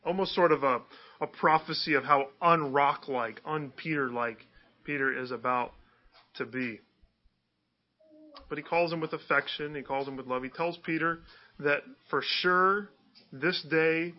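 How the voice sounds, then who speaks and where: In a lo-fi recording, a pastor delivers his sermon at an unhurried pace in a slightly high voice. He speaks conversationally and keeps asking his audience rhetorical questions.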